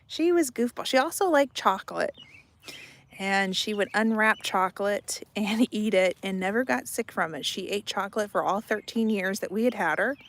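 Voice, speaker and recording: A woman's voice: mid-range voice, animated, normal speed. Chatty laughing woman by her chickens. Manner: chatty, laughs often, trails off and repeats herself. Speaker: homesteading vlogger. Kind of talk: casual chat to camera. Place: outdoors by a backyard chicken coop.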